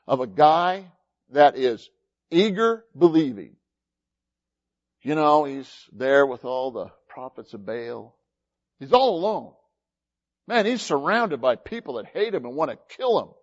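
A man preaching a folksy sermon as pastor, with sudden rises and drops in loudness. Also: a little high, muffled recording. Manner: folksy, animated preaching with big swings in loudness.

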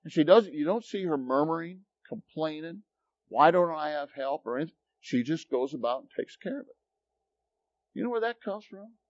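A man preaching a sermon as pastor, telling stories in an animated, emphatic way. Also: on the high side, a little fast, no echo. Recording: dull lo-fi recording, dry.

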